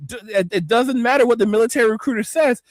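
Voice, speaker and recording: A man's voice: extremely high pitch, fast talker, no echo. A man hosting a livestream, ranting with lots of profanity and stammered restarts, talking straight to his viewers and reading out chat comments. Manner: profane, rambling, stammers, addresses viewers directly. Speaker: host.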